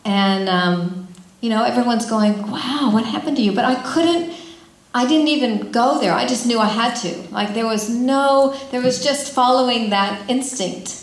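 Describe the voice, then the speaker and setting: Middle-aged woman giving a spiritual talk, higher voice, chatty, lots of questions to the crowd, echoey hall. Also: measured pace. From California. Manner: animated, chatty, asks the audience questions. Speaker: spiritual speaker. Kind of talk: inspirational talk to a gathering. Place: large room with an audience.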